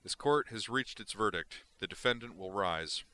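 A man's voice: on the low side, lively intonation, normal speed, sharp tone. A man voicing a formal presiding judge. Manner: formal and declarative.

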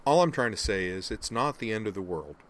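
A man's voice: on the low side, expressive, a little fast, voice pushed up, lightly acted. A man voicing an earnest, expansive human man in an audiobook reading, rambling and emotional.

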